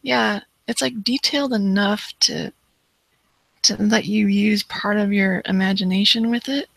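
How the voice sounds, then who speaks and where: A co-host in casual talk, speaking hesitantly with many fillers and dropping to a hush when awed. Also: medium pitch, fairly even intonation, measured pace, gravelly, no echo, low-quality recording. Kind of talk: casual live-show chat.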